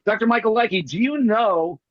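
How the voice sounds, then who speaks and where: A man performing as a magician, telling jokey stories in quick comic patter over a video call. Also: high-pitched, no room sound, muffled recording. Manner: rapid joking storyteller, playful teasing. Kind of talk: comic patter on an online show.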